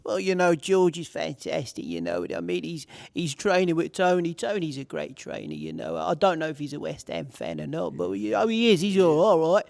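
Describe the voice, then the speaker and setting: A man's voice: a little high, big pitch swings, moderate pace, creaky, hardly any pauses, a little mellow, no room sound. A man doing an impression of an older football manager, rambling and padding every phrase with "you know". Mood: effusive. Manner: rambling, full of "you know", heaps praise.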